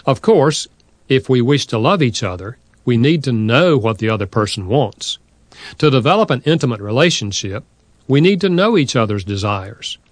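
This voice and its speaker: A man narrating a nonfiction audiobook in a steady, measured reading style. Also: mid-range voice, no echo.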